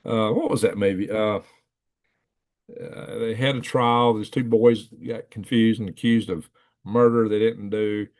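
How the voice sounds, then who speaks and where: A man's voice: lowish voice, steady tone, measured pace, a little mellow. Rambling man telling a story. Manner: rambling, chuckling, acts out the voices in his stories. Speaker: livestream host. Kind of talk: casual storytelling to live chat.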